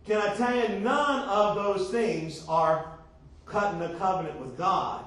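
Brief: pastor, high-pitched man, distant mic in a reverberant church. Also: unhurried, fairly bright tone. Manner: call-and-response preaching, repeated "how many know". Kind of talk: sermon. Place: church sanctuary. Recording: echoey church room from far off.

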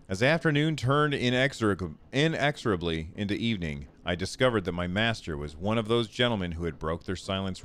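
A man's voice: low voice, a bit bright. A man hosting a gaming video, reading a text game aloud and chatting, stumbling over words and joking about himself. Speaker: gaming channel host.

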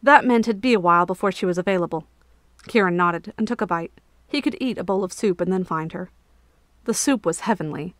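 A woman narrating a fantasy story as an audiobook, with a steady, expressive reading. Her pitch sits in the middle, and the recording is dry and close with no room sound. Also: no room sound.

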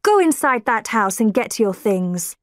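A woman's voice: on the high side, big pitch swings, measured pace, dry recording, clean studio sound. A woman narrator voicing a clever middle-aged lady detective who speaks firmly and takes command. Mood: angry. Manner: firm and commanding.

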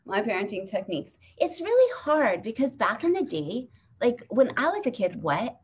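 Over a video call, this forties-aged comic rambles through a live-streamed storytelling set, chatting away and acting out each character's voice. She sounds fairly high and very animated at a moderate clip, with slight background noise behind her.

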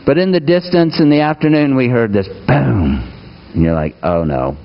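A man's voice: medium pitch, very animated, normal speed, dull audio, a little hiss or hum. A man preaching a conversational sermon in a church, folksy and asking the congregation questions.

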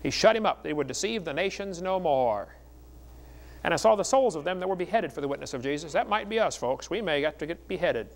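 A man's voice: on the high side, fast. A middle-aged man preaching at a seminar, telling stories in a folksy, joking way. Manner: folksy, joking, animated storytelling. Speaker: evangelist speaker.

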